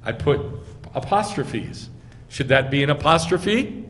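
In an echoey hall with faint background noise, a rabbi with a highish, slightly bright voice gives a teaching sermon. He speaks at a measured pace with lively intonation, explaining each step and quizzing his listeners.

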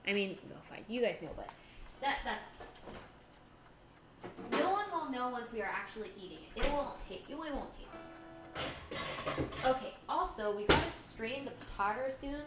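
A woman with a fairly high, expressive voice cooks on a live stream, narrating each step and chatting casually with viewers at a normal speed, pausing often. Background music is clearly audible, and there is heavy background noise.

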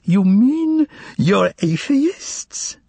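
A man's voice: high-pitched, very animated, drawn-out words, creaky, a little mellow, breathy edge, no echo, pitched above the performer's own voice, exaggerated voice. A man reading an audiobook voices an eccentric, overly polite male foreign stranger with a put-on foreign accent, drawing out his exclamations. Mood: delighted.

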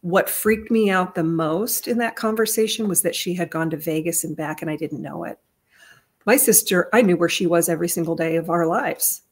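A woman's voice: lowish voice, normal speed, breathy edge. A woman telling a personal family story in a casual monologue, earnest and rambling, with frequent restarts and her voice lifting at emotional points. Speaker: vlogger retelling a family story.

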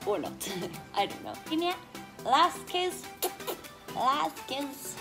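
Young woman from Sweden chatting to her phone camera at an airport and on a plane, with high, sing-song talk that sweeps up and down at an unhurried pace. Her talk is playful and emotional, and loud music runs under her voice the whole time. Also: sing-song. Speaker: travel vlogger. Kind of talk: casual vlog chat to camera.

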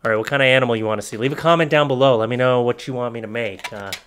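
Man, comedy commentary, sarcastic, profane, animated. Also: medium pitch, very fast, heavy background noise. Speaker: comedy YouTuber.

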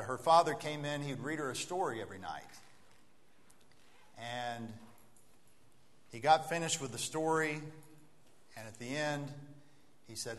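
A man's voice: medium pitch, a bit bright. A male preacher giving an evening sermon in a church, telling a story and building to an earnest appeal. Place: church auditorium. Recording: long hall reverb, faint noise.

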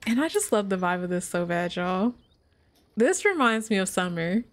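A woman's voice: mid-range voice, big pitch swings, normal speed. A young adult woman giving casual let's-play commentary, chatting straight to her viewers and laughing often.

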